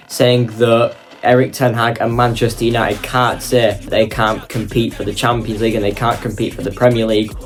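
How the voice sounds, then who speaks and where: A man delivering a passionate, opinionated football fan monologue for his vlog. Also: mid-range voice.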